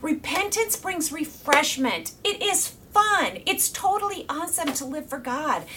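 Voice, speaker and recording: A middle-aged woman gives an informal faith talk to her viewers, bright and animated, laughing easily and sometimes falling to a whisper. Her voice sits a touch high. She is recorded a little away from the mic, with a faint rumble underneath. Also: measured pace, distant mic. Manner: animated, laughs often, drops to a whisper for emphasis. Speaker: Christian video teacher. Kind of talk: casual faith teaching to camera.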